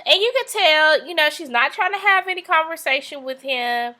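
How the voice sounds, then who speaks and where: Bright, chatty woman recapping TV. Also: high-pitched, lively intonation, moderate pace. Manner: chatty, sassy asides, acts out quotes. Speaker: reality TV recap host. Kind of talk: casual recap commentary.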